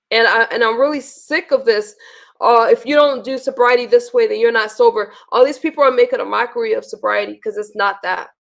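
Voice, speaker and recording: Casting: woman livestream host, gravelly fry, blunt and profane, rants with restarts. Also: a little high. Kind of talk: casual livestream rant.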